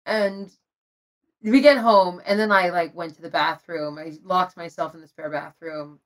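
A woman's voice: lowish voice, normal speed. Candid woman telling a personal story. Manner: candid, emotional, laughs often. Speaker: guest telling her story.

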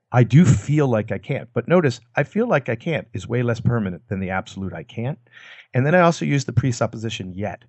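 A guest expert on persuasion explains communication techniques in a conversational talk, acting out short quoted lines in a lowered voice as examples. His voice has a darkish tone, with no room sound.

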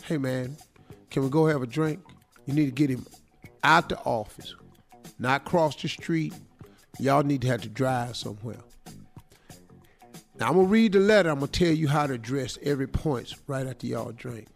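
A man's voice: medium pitch, lively intonation, moderate pace, creaky, pauses often, soft background music. A man hosting a morning radio show, giving advice in a casual, slangy, joking way. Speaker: radio host.

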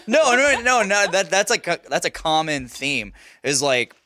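A man's voice: high-pitched, normal speed, no echo. A young man telling a casual story as a podcast host, laughing often and swearing freely. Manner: animated, laughing, swears a lot.

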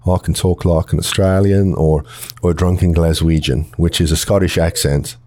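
A man with a very deep, low voice trades quick-witted, teasing banter as co-host of a casual podcast conversation. His humour is dry and playful. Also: fairly even intonation, mellow, dry recording.

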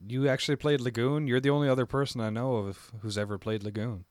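A man's voice: medium pitch, steady tone, quick pace, a little mellow, no room sound, clean studio sound. A man co-hosting a casual podcast, teasing and bantering with the others. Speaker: podcast co-host. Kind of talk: casual chat.

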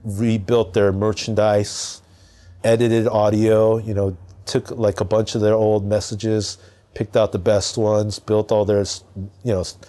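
Male podcast guest from Southern California, low mellow voice, casual and animated storyteller. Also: unhurried. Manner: animated storyteller, lots of fillers.

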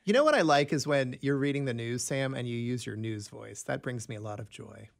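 Gravelly man teasing his co-host. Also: mid-range voice, lively intonation, brisk. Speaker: radio co-host. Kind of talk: casual chat.

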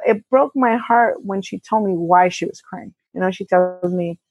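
A woman co-owner of a repair shop telling a personal story as a podcast guest, candid and halting, often quoting others. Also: on the low side, darkish tone, husky, no echo, muffled recording. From California. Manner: candid, halting with restarts, quotes others in dialogue. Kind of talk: conversational storytelling.

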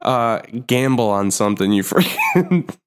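A man's voice: medium pitch, expressive, moderate pace. A young man co-hosting a comedy podcast, playful and mock-indignant, often laughing. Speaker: podcast co-host. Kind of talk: casual comedy chat.

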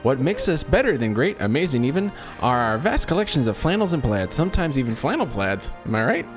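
A man's voice: mid-range voice, very animated, fairly quick, over music, voice pushed up. A man putting on a Canadian accent to read a review as a boastful Canadian. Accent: put-on Canadian. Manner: loud, over-the-top, laughing through it.

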